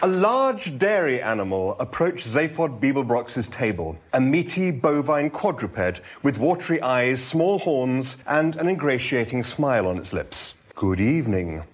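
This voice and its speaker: A man's voice: mid-range voice, a little slow, few pauses, a faint crowd. A man from the audience, volunteering to read a fiction passage aloud expressively. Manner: expressive storytelling. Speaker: volunteer reader.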